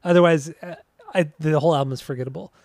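A man's voice: on the high side, fairly even intonation, quick pace, darkish tone, no room sound, studio quality. A man co-hosting a podcast in casual chat, easygoing and enthusiastic about the music he likes. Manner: easygoing, enthusiastic, laughs often. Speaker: podcast co-host.

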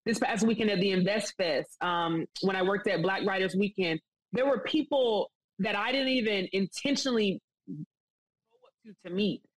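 A woman's voice: medium pitch, moderate pace, slightly rough, no echo, poor audio. A woman speaking as an interview guest, earnest and enthusiastic, talking at length in a casual, rambling way.

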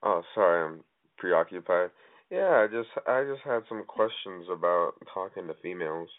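20s guy calling in, flat and hesitant, lowish voice, tinny phone line. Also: normal speed. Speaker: caller.

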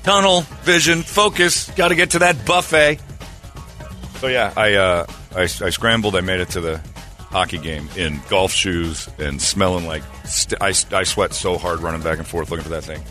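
A middle-aged man in casual chat, telling a story with animated retellings of what people said. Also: low voice, moderate pace, soft background music. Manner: animated storytelling, acting out voices.

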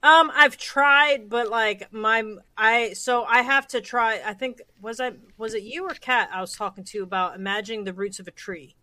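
A woman's voice: on the high side, moderate pace, few pauses, pushed and bright, no room sound. A young woman guest in a casual livestream chat, rambling and hesitant with many fillers.

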